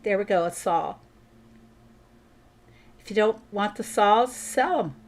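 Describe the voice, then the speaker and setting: A woman's voice: medium pitch, slow. A woman chatting casually while she plays a farming game on stream, thinking aloud and answering viewers. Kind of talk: casual gameplay commentary.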